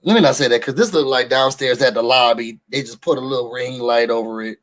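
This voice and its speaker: A man from New York reviewing a reality show for his viewers in casual chat, an animated, slangy storyteller. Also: mid-range voice, a little fast. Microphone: studio microphone.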